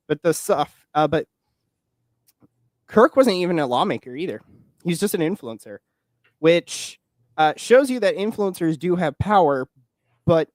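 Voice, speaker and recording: A man's voice: a little high, no room sound, studio quality. A man in his twenties chatting casually about politics, rambling, with many fillers and restarts. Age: 20s. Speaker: podcast guest and political commentator.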